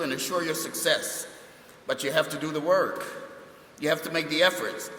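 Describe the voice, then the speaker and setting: A man's voice: on the high side, pushed and bright, slight background noise. A middle-aged man, a university administrator, giving a welcome speech with jokey stories in a large chapel. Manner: jokey storytelling. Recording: echoey chapel hall.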